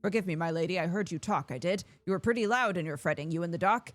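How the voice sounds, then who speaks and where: A woman's voice: fairly low pitch, fast, no echo, soft background music, close to an everyday voice. A woman reading a folksy, reassuring carrier man. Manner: homely, reassuring. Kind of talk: reading game dialogue aloud.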